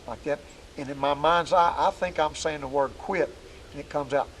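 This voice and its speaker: Speaking at normal speed in a slightly high voice, a man demonstrates duck calls during an outdoor lesson in the woods, keeping his delivery folksy and down-to-earth. Slight hiss or hum runs through the low-quality recording.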